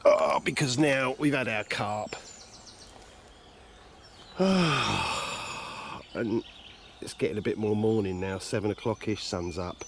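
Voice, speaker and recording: A carp angler vlogger chats casually outdoors by a lake, filming on a handheld camcorder and joking about himself in a chatty, self-mocking way. His fairly low voice is slow, with vocal fry, frequent pauses and slight background noise.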